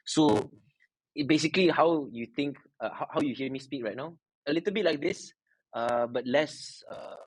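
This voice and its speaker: A man's voice: fairly high pitch, normal speed, a little hiss or hum, low-quality recording. A man from Malaysia with a Malaysian English accent, chatting casually as an interview guest and slipping Malay words into his English. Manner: relaxed, mixes in Malay words and "lah".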